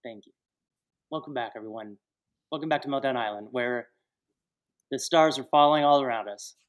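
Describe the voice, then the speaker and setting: A man's voice: medium pitch, moderate pace, clear, resonant tone. Laughing, rambling man hosting. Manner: joking, rambling, laughs often. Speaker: host. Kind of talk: casual live-stream chat.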